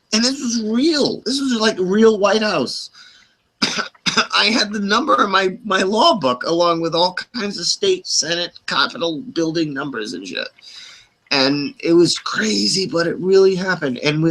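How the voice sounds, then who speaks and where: Middle-aged man, casual storyteller, rambling and profane, higher voice with a bright edge. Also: normal speed, low-quality recording. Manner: rambling, profane, animated retelling with quoted voices. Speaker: hangout participant. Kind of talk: casual storytelling on an open call.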